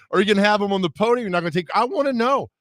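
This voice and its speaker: A man co-hosting a sports radio show, bantering and joking in a casual, animated way. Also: high voice, racing, no room sound, clean studio sound.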